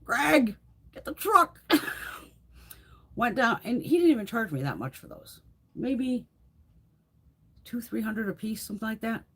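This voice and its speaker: A husky-voiced woman rambles through a live beauty room tour. She curses bluntly at every turn and often breaks into laughter, and her pitch swings widely as she talks. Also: moderate pace, long pauses. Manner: swears constantly, blunt and animated; laughs often while talking. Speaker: beauty vlogger hosting a live stream. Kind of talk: casual chat during a live room tour.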